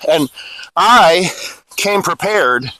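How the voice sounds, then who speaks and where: High-voiced man calling exercise counts. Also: lively intonation, drawn-out words, bright, forceful tone, no room sound, rough recording. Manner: counts cadence, coaches and jokes. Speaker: army fitness instructor. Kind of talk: informal exercise instruction. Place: outdoors on a grassy hillside.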